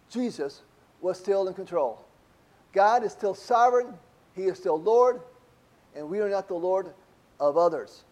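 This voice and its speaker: High-voiced male preacher, mellow tone. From Spanish-speaking country. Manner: conversational preaching with frequent "okay?" check-ins. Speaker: pastor. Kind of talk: sermon.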